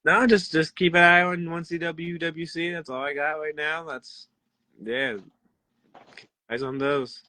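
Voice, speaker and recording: A young man, a wrestler, telling backstage stories in a rambling, animated way and laughing often. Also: a little high, a little slow. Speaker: pro wrestler guest. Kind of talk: casual interview storytelling.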